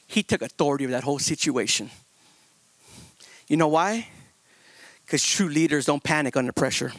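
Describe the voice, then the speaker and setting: A male pastor preaches with a high, tense, sharp voice, recorded dry and close with no room echo. He rushes up into loud, high emphasis, then slows down and drops low. He keeps pressing his listeners with repeated rhetorical questions. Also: lively intonation. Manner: swings from loud, high-pitched emphasis to slow, hushed stretches; repetitive, rhetorical questions to the congregation. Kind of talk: sermon.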